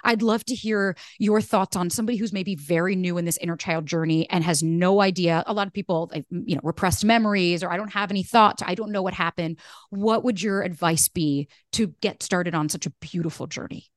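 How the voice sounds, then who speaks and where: Fast-talking candid woman podcast host. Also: on the low side, no echo, clean studio sound. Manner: candid, animated, curses freely. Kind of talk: casual chat.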